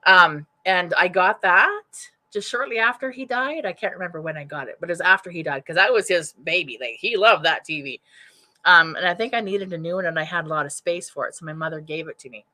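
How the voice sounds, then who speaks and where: A woman giving a psychic reading over a live stream. Her voice sits a little low but comes across bright and forceful. She rambles and restarts as she thinks aloud, chatty and informal. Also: fairly quick. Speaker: psychic medium. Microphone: webcam or computer mic.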